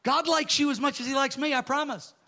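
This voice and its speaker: A male pastor telling stories in a sermon, animated and acting out the dialogue with quick asides. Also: very high-pitched. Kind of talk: storytelling sermon.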